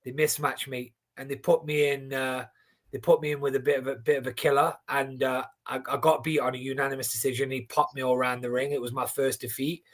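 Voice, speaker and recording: A man in his forties, an animated storyteller who swears freely and restarts his sentences often, chatting casually on a boxing stream. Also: medium pitch, a little fast. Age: 40s. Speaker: boxing watchalong co-host. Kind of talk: casual chat.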